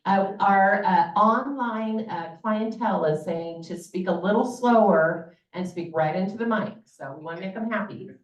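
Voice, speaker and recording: A woman moderating a community event, introducing the next speaker in a brisk, organizing way. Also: medium pitch. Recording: echoey room from far off, dull.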